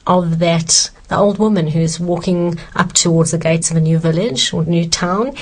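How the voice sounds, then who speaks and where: A woman's voice: lowish voice, moderate pace. A woman author earnestly answering questions about self-esteem, emphatic and sincere.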